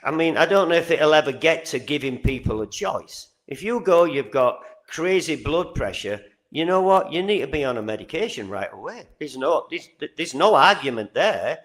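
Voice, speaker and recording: An earnest man from England with a Northern English accent, chatting as a podcast guest. His voice sits a touch high, and he grows animated and restarts his sentences when he tells a story. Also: moderate pace, few pauses. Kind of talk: casual interview chat.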